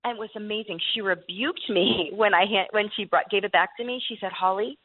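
A woman's voice: mid-range voice, fairly quick. A woman author telling faith stories earnestly in an interview. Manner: earnest storytelling with laughs. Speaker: guest author. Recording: tinny phone line.

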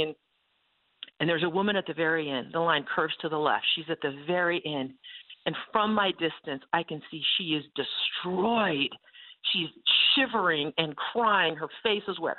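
A woman author sharing a faith testimony as an interview guest, telling her story expressively with frequent laughter. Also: fairly low pitch. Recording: phone-like line.

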